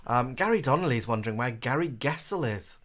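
Fast-talking, with a medium-pitched, slightly bright voice and lively intonation, this livestream co-host keeps things casual and campy. He reads viewers' names aloud and greets each one.

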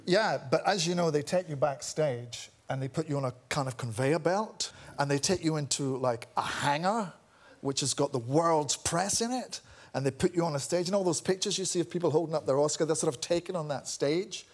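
A man's voice: a little high, brisk. A middle-aged man with a Scottish accent, a chat show guest telling a wry, self-deprecating story. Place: TV studio.

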